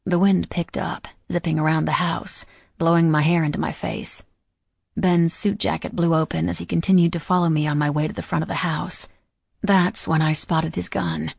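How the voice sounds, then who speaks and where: A woman narrating a first-person audiobook in a quiet, measured, somber way. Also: deep voice, level tone, creaky, husky, dry recording, studio quality.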